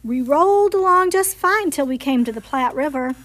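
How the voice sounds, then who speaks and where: A woman reading a picture book aloud at library storytime, with expressive, playful storytelling. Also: sits high, normal speed.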